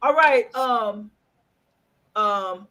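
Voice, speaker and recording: A woman co-hosting a casual chat podcast over a video call, telling stories in an animated, expressive way. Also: a little high, drawn-out words. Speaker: podcast co-host.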